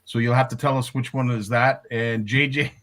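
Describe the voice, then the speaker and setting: A man's voice: medium pitch, fairly even intonation, normal speed, a bit bright. A man hosting a live fishing show, reacting with short interjections and reading viewer comments aloud in casual chat.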